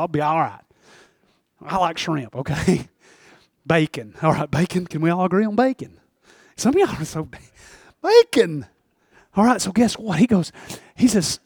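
High-voiced preacher, shouting and hushing. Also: male voice, dry recording, studio quality. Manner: animated preaching, swinging from shouts to hushed asides; calls for amens from the congregation. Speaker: pastor. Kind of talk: sermon.

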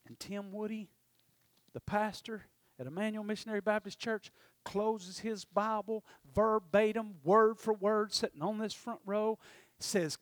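A man preaching a testimony, storytelling with passion and swinging from loud to hushed. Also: high voice, steady tone, measured pace, no echo. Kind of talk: sermon testimony.

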